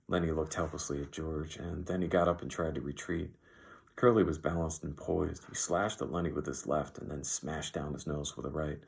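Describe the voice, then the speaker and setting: A man reading an audiobook as narrator in an even, measured way. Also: a bass voice, creaky. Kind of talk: scripted narration.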